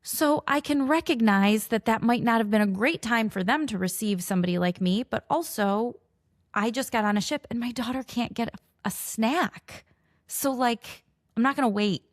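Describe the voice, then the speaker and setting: A woman's voice: medium pitch, no echo, studio quality. A woman in her forties, a mother, telling a personal story to camera and acting out both sides of each conversation. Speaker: mother of a teenager with food allergies.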